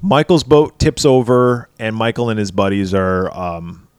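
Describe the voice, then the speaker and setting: A man's voice: lowish voice, measured pace, smooth, no echo, studio quality. A man co-hosting a podcast, swearing freely as he retells a movie scene by scene and acts out the characters. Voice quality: profane, animated retelling with character voices. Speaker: podcast co-host. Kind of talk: casual film chat.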